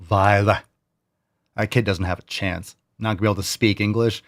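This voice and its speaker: Male reaction host, lowish voice, dry close sound, mocking and disbelieving. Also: steady tone, brisk, no echo. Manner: mocking, incredulous, repeats clips. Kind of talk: reaction commentary.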